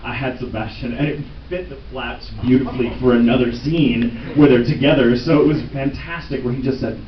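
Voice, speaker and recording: A man on a convention panel, telling joking stories with an animated delivery and laughing often. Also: medium pitch, a little fast. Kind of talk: panel talk, comic anecdotes. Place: large convention hall with audience. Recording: echoey hall from far off, muffled, loud crowd.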